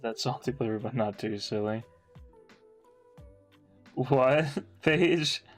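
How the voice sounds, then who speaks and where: A man's voice: medium pitch, takes it slowly, soft background music. A man streaming casually, chatting with his viewers in a laid-back way with frequent chuckles. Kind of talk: casual chat while drawing.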